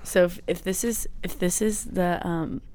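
A woman's voice: lowish voice, fairly even intonation, unhurried, a little mellow, slight background noise. A teenage girl chatting casually as a guest on a student podcast, talkative and explaining things. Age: teens. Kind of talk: casual chat. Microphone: podcast microphone.

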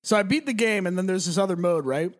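A man's voice: sits high, expressive, fast. A young man co-hosting a podcast in casual, rambling chat, swearing freely and laughing often. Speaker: podcast co-host.

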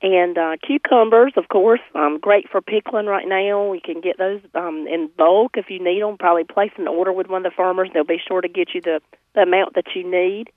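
A woman with a slightly hoarse voice, cheerfully reporting by phone on a farmers market, listing produce with lots of ums. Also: on the low side, steady tone, a little fast, no room sound. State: slightly hoarse, recovering from laryngitis. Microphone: phone call. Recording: tinny phone line.

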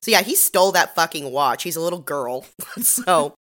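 A woman co-hosting a podcast, recapping a TV episode in giggly, animated casual chat. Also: deep voice, normal speed. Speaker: podcast co-host.

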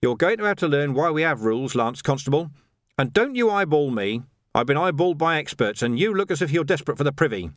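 A man voicing a gruff, stern night-watch sergeant who speaks curtly and sticks to the rules. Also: fairly high pitch, sing-song, fast talker, dry recording, pitched above the performer's own voice. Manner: curt, dry, by-the-rules.

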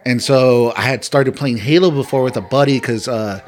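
A man with a medium-pitched voice telling a story in casual conversation. He sounds relaxed and offhand, and he swears freely as he talks. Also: moderate pace. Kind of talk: casual chat.

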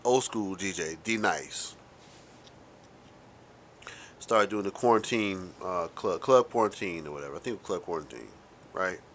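A man in his thirties riffs through a casual solo monologue, talking fast with wry, profane asides. His voice sits a little low yet sounds bright and forward. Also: a little hiss or hum. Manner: self-described fast talker. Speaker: podcast host.

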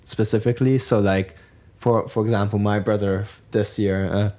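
A man's voice: on the low side, fairly even intonation, normal speed, darkish tone. A young man from Germany co-hosting a podcast, chatting casually and rambling with lots of restarts. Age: young adult. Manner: rambling, many restarts and fillers. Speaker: podcast co-host. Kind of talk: casual chat.

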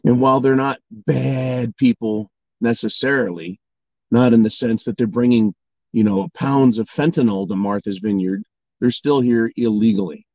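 A man's voice: mid-range voice, steady tone, moderate pace, darkish tone, no echo, dull audio. A man delivering an angry political monologue, swearing and mocking opponents in sarcastic voices. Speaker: political commentator. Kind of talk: ranting monologue.

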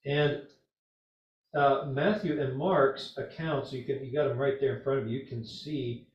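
A man's voice: mid-range voice, fairly even intonation, a little slow. A man teaches a small group Bible study, talking conversationally with fillers and a teasing edge. He sounds far from the mic, in a roomy space. The recording is somewhat dull.

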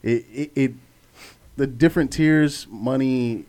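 A man's voice: medium pitch, slow pace, a little mellow. A man co-hosting a podcast, chatting casually and swearing a lot, laughing often. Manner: loose, profane, laughs a lot. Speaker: podcast co-host. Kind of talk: casual chat.

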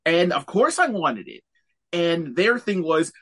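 Guy cohosting a podcast over video call, lively voice, laughs a lot. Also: on the high side, unhurried, husky. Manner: animated, laughs often. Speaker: podcast co-host. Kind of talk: casual chat.

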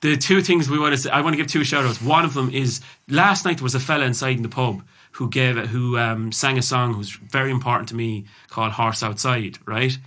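A man's voice: medium pitch, a little fast, hardly any pauses. An Irish man hosting a podcast, chatting casually and telling stories with plenty of swearing. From Ireland. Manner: sweary, animated storyteller. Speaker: podcast host.

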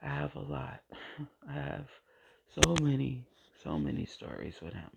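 A woman hosting a podcast, telling a personal faith testimony in an emotional, halting way and often repeating her phrases. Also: a bass voice, big pitch swings, gravelly, a little hiss or hum. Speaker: podcast host. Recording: dull lo-fi recording.

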